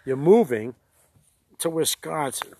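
A man's voice: on the high side, animated, slow pace, darkish tone, a little hiss or hum. A man, co-hosting a podcast, telling rambling stories and laughing at his own jokes. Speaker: podcast co-host. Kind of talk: casual storytelling chat.

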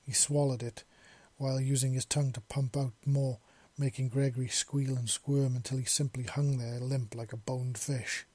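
A man narrating a romance story in a quiet, intimate reading. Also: medium pitch, level tone, moderate pace, hardly any pauses, breathy edge, dry recording.

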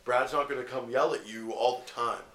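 A man's voice: mid-range voice, fairly even intonation, fairly quick, fairly bright tone. A young Canadian man co-hosting a podcast, chatty and full of fillers like "you know what I mean". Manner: chatty, filler-heavy, laughs often. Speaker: podcast co-host. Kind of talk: casual podcast chat. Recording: roomy echo, faint noise.

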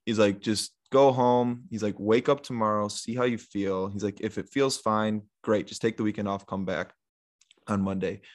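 A young man talking casually as a podcast guest, telling a long story in a relaxed, rambling way full of fillers and retold quotes. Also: lowish voice, moderate pace.

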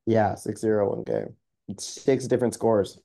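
A man's voice: on the low side, very animated, normal speed, creaky, warm tone. A man co-hosting a sports podcast, chatting casually with plenty of ums and restarts. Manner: rambling, many fillers and restarts. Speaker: podcast co-host.

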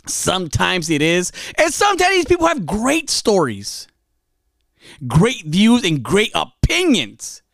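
Gravelly guy hosting his podcast, slow and super passionate, pitch all over the place. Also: no room sound, clean studio sound. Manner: passionate and emphatic, swinging between loud bursts and low murmurs. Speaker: podcast host. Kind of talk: casual solo podcast talk. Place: podcast studio.

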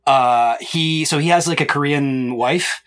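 A man's voice: on the high side, measured pace, fairly bright tone, clean tone. A man hosting a podcast, chatting casually in a loose, rambling way with lots of fillers and restarts. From Chicago area. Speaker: podcast host.

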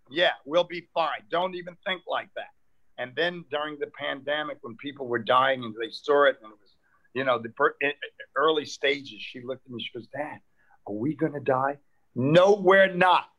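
An older man, a comedian telling stories in lively chat and acting out the people in them. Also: a little high, moderate pace, dull audio. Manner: animated, acts out people in funny voices. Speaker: comedian guest. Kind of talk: storytelling comic chat.

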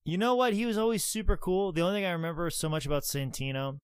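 A man in casual podcast chat, telling stories with lots of swearing and acted-out quotes, his voice swinging from loud to soft. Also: high voice, fast, clear, resonant tone, no room sound, studio quality. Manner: swears a lot, acts out quotes. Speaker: podcast co-host, former wrestler.

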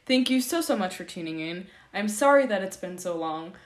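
A woman's voice: medium pitch, expressive, normal speed. Young woman podcast host, casual and jittery, rambling and self-deprecating. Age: young adult. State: nervous. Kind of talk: casual solo podcast update.

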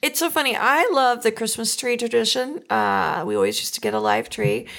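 A woman's voice: a little high, big pitch swings, moderate pace, creaky, a bit bright. A middle-aged woman and mother, co-hosting a podcast, chatting casually and reminiscing with wry humor. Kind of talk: casual chat.

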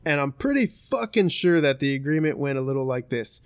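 A man's voice: mid-range voice, animated, fairly quick, hardly any pauses, clear, resonant tone, no echo, clean studio sound. A young man hosting a podcast, telling a story in casual, profane chat and laughing often. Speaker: podcast host.

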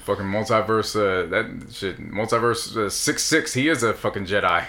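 A man's voice: fairly low pitch, normal speed, vocal fry, bright, forceful tone. A young man co-hosting a casual podcast chat, telling profane stories. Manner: profane storytelling, mimics people in quotes. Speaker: podcast co-host.

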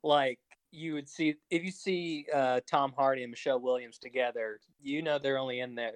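A young man with a mid-pitched voice chats casually about films. He sounds eager and fan-like, and his speech is full of fillers and small stumbles. The recording is close and dry. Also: fairly even intonation, moderate pace, no echo. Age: young adult. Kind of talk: casual film chat.

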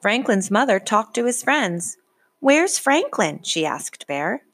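A woman reading a children's storybook aloud in a gentle, unhurried way. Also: medium pitch, expressive, no room sound.

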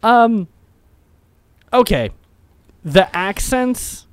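A man co-hosting a podcast in casual chat, joking and excitable, swearing freely. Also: high voice, extremely slow, slight background noise. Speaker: podcast co-host.

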